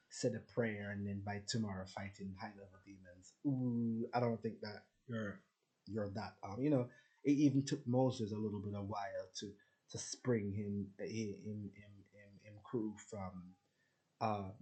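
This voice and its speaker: A man's voice: lowish voice, fairly even intonation, measured pace, warm tone, lo-fi sound. A man talking casually to his viewers in a rambling, boastful, profane rant. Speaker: spiritual vlogger. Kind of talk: casual ranting monologue.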